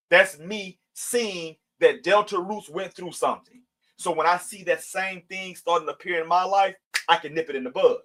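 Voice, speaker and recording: A middle-aged man teaches scripture in a conversational, preachy way. His voice sits slightly higher than most men's, and he reads the verses aloud and then explains them plainly. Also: moderate pace, bright, forceful tone, poor audio. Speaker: Bible study teacher. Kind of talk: livestream Bible teaching.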